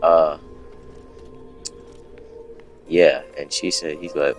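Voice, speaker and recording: A man's voice: a bass voice, steady tone, extremely slow, long pauses, faint music behind. A young man telling a story off the cuff to camera, rambling and profane, breaking off into asides and correcting himself. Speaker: storytime vlogger. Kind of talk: unscripted casual storytelling.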